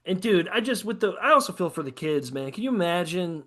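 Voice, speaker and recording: A man's voice: high-pitched, sing-song, fairly quick, fairly bright tone. A man co-hosting a podcast, chatting casually and profanely about sports, ranting hard and mocking others in quoted asides. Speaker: podcast co-host.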